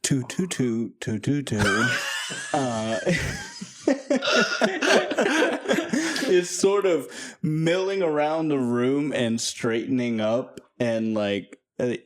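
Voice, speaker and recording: A man narrating a comedy tabletop game as game master, halting and laughing as he goes. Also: medium pitch, big pitch swings. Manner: halting, filler-heavy, laughing.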